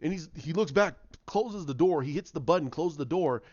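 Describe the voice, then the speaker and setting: A man's voice: fairly high pitch, animated, normal speed, darkish tone, dry recording, dull audio. A man casually retelling a story idea as a video creator, rambling with frequent restarts and repeated words.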